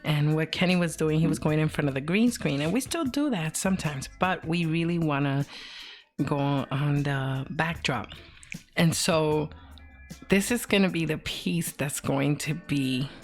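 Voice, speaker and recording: Woman co-host, unhurried, effusive, frequent laughter, lowish pitch, faint music bed. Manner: gushing, laughs often, keeps saying oh my God. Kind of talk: casual live-stream chat.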